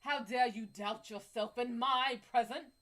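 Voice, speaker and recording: A woman's voice: a little high, steady tone, unhurried, fairly bright tone. A woman voicing a doting, theatrical partner with a put-on British accent, fawning over and scolding her man.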